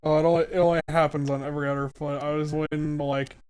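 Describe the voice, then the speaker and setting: A man's voice: fairly high pitch, level tone, fast, a little mellow, clean tone, soft background music. A young man giving casual, rambling live-stream commentary while playing a game, with lots of filler words.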